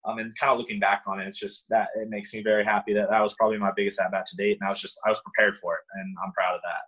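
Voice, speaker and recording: A young man, a former college baseball player, telling stories in an interview in an animated, excitable way, full of "like" and "you know". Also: lowish voice, rapid-fire, husky, low-quality recording. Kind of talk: casual interview storytelling.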